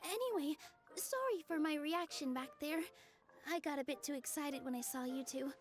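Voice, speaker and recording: Young woman doing a sweet soft-spoken game girl, really high voice, kinda apologetic. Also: normal speed, faint music behind, lightly acted. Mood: gentle. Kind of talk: game cutscene voice acting.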